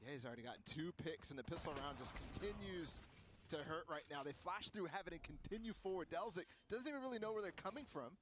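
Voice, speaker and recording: A man with a mid-range voice breaks down a professional esports match as a caster. He explains each team's choices in an analytical, steady way, with a faint hiss behind him. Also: on the high side, fast talker.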